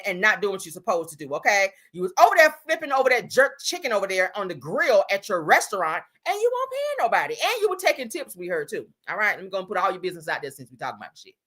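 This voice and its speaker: A woman's voice: medium pitch, a bit bright. A woman hosting a gossip livestream, commenting casually in a sassy, mocking, profane way.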